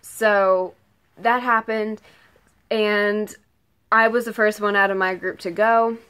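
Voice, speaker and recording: A woman's voice: mid-range voice, steady tone, slow pace, fairly bright tone, smooth. Gushing teenage girl telling a story. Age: late teens. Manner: gushing, rambling, heavy use of "like" and "oh my god". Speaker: vlogger. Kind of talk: casual storytime vlog.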